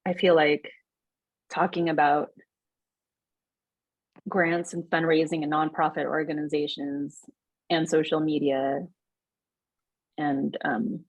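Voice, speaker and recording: A woman's voice: low-pitched, little pitch movement, slow, long pauses, breathy edge, no room sound, highs cut off. A woman chatting on a video call, hesitant with many fillers. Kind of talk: casual chat.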